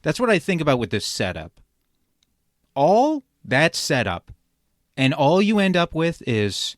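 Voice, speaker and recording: A man hosting a reaction commentary show, ranting sarcastically and swearing, jumping from loud outbursts to low mutters. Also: huge pitch swings, measured pace, pauses often, dry recording, studio quality. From immigrant. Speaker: commentary podcast host.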